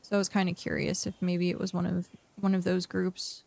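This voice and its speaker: A woman's voice: fairly low pitch, level tone, fairly quick, gravelly, darkish tone, dry recording. A young woman streaming a game, chatting casually and rambling to herself and her viewers while sounding tired and yawning. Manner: rambling, talks to herself and chat. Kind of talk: casual live-stream chat while playing.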